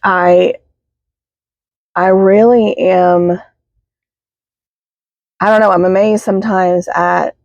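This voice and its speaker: A woman's voice: fairly low pitch, fairly even intonation, creaky, a little mellow, no echo. Teary woman vlogging from her car. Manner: halting, many fillers and apologies. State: teary, sniffling. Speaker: spiritual healing vlogger. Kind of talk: casual heartfelt vlog. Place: parked car. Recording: dull, dry sound inside a car.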